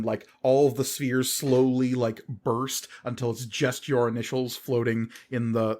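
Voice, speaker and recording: Laid-back man narrating as game master. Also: mid-range voice. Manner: relaxed, rambling narration with fillers.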